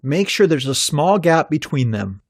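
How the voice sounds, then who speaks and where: A man narrating a scripted pronunciation lesson, speaking slowly and carefully and drawing out each example sound. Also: a little high, sing-song, slightly rough, no echo, clean studio sound. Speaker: pronunciation teacher.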